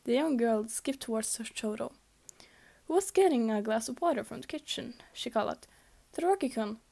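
Reading fanfiction in an offhand, amateur style, this young woman speaks at normal speed with a high-leaning, animated, darkish voice and some vocal fry. She trips over lines, starts again, and now and then slips into a whisper.

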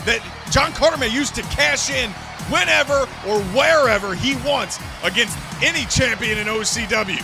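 A man calling wrestling action play by play, loudly and excitedly. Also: very high-pitched, moderate pace, gravelly, music in the background. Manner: loud, shouting calls of the action. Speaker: play-by-play commentator. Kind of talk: excited wrestling game commentary.

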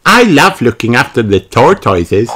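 Storybook piglet girl, little and excited, high and lively; a man reads her. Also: unhurried, slightly rough, soft background music, exaggerated voice. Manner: eager, squealing high voice.

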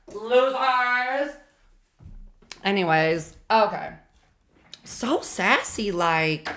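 A woman streamer chatting casually on a live reaction stream, excitable, swearing often and doting on her pets. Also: medium pitch, a little hiss or hum.

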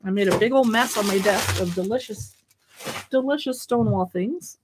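A woman's voice: medium pitch, normal speed, background noise. A woman hosting a casual live stream from her desk at home, reading product labels aloud and adding chatty asides.

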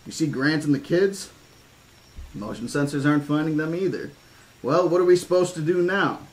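A man doing a gruff, impatient warden. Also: on the high side, normal speed, pitched above the performer's own voice, lightly acted, rough recording. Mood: irritated.

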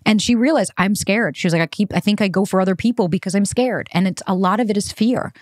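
A woman's voice: mid-range voice, quick pace, a little mellow, no room sound. Woman podcast host just chatting, open and candid, dry close sound. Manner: candid and conversational. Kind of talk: casual podcast monologue.

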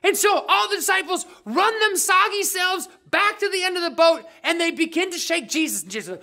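A woman's voice: extremely high pitch, lively intonation, fairly quick, sharp tone. A woman telling a Bible story to children in a playful, dramatic way, full of slang and jokes. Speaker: children's ministry leader. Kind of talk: animated Bible storytelling for kids.

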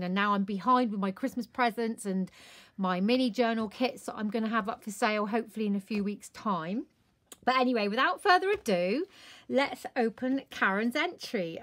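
Gushing woman crafter, fairly high voice. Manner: gushing, exclaims often with delight. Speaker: crafting vlogger. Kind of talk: casual chat to camera.

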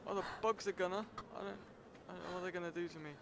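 A young man giving casual let's-play commentary, excitable and jumpy, talking to himself and yelping when scared. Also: racing, vocal fry, hardly any pauses. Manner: excitable, jumpy, talks to himself, breaks into high panicked yelps. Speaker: gameplay streamer. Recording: loud game ambience and insect noise behind.

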